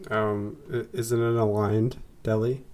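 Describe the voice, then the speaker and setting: A man's voice: fairly low pitch, flat delivery, measured pace, a little mellow. A man playing a tabletop game, talking hesitantly and laughing often. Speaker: player. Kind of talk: casual tabletop play.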